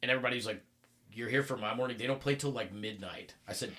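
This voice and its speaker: A man, a podcast guest, telling a story in casual chat, animated and full of cursing and acted-out quotes. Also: mid-range voice, fast talker, heavy background noise.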